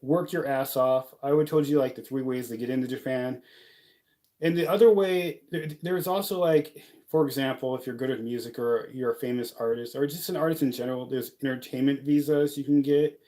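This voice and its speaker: A young man from the United States rambles through a casual vlog chat, laughing and joking as he goes. His voice is mellow and dark, sitting at an ordinary middle pitch. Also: steady tone, fairly quick. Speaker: vlogger living abroad. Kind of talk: casual talking-head vlog.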